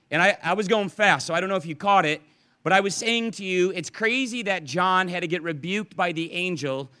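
A man, a pastor, preaching a verse-by-verse evening sermon in an earnest, conversational way. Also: sits high. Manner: conversational, earnest, animated with restarts.

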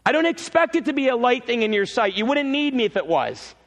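A male pastor preaching a sermon in a church, emphatic, repeating key phrases and swinging between loud peaks and quiet drops. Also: very high voice, sing-song, fairly quick, long reverb tail.

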